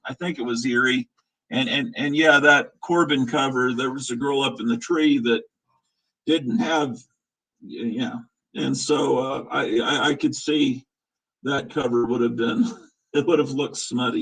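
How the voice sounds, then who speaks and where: Husky rambling man in his fifties. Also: fairly high pitch, a bit bright, rough recording. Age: 50s. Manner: rambling, opinionated, chuckles while reminiscing. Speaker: show host. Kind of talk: casual live-stream chat.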